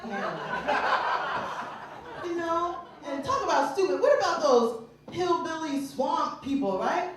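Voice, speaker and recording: A high-pitched woman performs stand-up in a small club, her voice swooping all over as she swears and acts out characters. She is recorded from a distance in a very echoey room, with a lively crowd laughing behind her. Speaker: stand-up comedian; mother of three grown children. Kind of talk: stand-up comedy set. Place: small club stage in Honolulu. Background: audience laughter.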